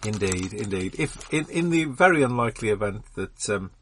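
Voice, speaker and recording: A man chatting casually on a gaming podcast, halting with many ums and restarts. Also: on the low side, expressive, a bit bright, slight background noise. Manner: hesitant, lots of ums and restarts. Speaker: podcast player. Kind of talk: casual chat.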